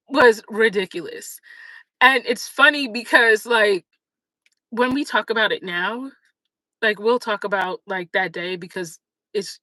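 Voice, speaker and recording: A woman chats straight to her viewers as a livestream host, spinning a story with lots of fillers and lively asides. Her voice is bright and forceful. The sound is close and dry, with no room around it. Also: on the high side, no room sound, rough recording. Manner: chatty, animated, many fillers. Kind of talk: casual storytelling chat.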